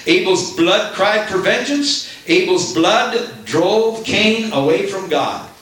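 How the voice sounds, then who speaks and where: Fervent high-voiced man preaching in echo. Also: sing-song, slow pace. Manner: fervent, rising to shouted exclamations. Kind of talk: sermon. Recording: echoey room, voice from far off.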